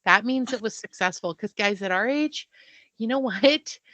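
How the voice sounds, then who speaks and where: A woman's voice: on the high side, lively intonation, moderate pace, sharp tone, dry recording, muffled recording. A woman in her fifties co-hosting a podcast, chatting animatedly and swearing casually. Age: 50s. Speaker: podcast co-host. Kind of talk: casual chat.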